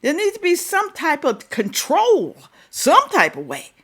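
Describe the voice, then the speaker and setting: A middle-aged woman talks through a viral clip in casual commentary. Her pitch swings up and down constantly, and she keeps throwing questions at her audience. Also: a little slow. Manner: animated, fires rhetorical questions at viewers. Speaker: reaction video host.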